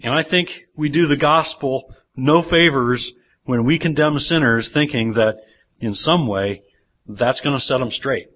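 A man's voice: medium pitch, unhurried. A male pastor preaching a sermon, often putting rhetorical questions to the congregation. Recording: dull lo-fi church sermon recording.

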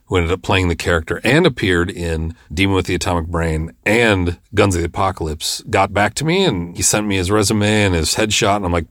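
A man's voice: low-pitched, dry recording, studio quality. A man hosting a podcast, telling a story in a rambling, exasperated way with lots of fillers. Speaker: podcast host and filmmaker. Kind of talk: casual storytelling monologue.

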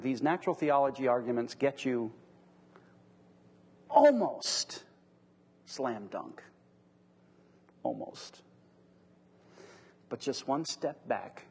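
A middle-aged man teaches a church class and keeps pressing the group with earnest questions. His voice is husky and a little breathy, and he sits at an ordinary middle pitch. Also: big-room sound. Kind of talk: leading a church class discussion.

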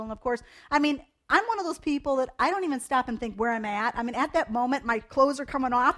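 A woman's voice: fairly high pitch, animated, brisk, a bit bright. A middle-aged woman giving a casual devotional talk to young people, chatty and rambling through personal stories. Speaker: youth devotional speaker.

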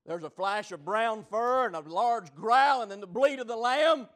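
A man preaching a sermon, telling stories dramatically, swinging between shouting and low murmurs. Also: moderate pace.

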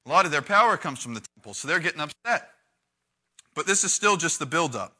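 Animated, bright-voiced youth preacher man. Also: a little high, fairly quick. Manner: animated, conversational, acts out quotes with big swings in volume. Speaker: youth pastor. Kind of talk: lively preaching to a youth group.

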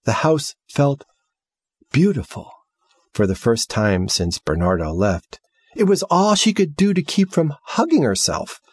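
A man narrating a story as an audiobook reader, with measured, expressive delivery. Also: medium pitch, breathy edge, dry recording, clean studio sound. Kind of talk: scripted narration.

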